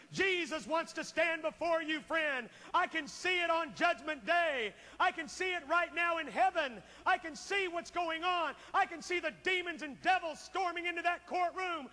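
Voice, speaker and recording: A man preaching a revival sermon, swinging between impassioned shouting and hushed pleading. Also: extremely high pitch, in a large hall. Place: large church auditorium.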